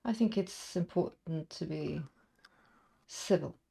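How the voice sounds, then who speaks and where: Give me a measured male boss, played by a woman. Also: sits low, gravelly, dark tone, full character voice. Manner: slow, measured and formal. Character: composed male crime boss, civil but cold.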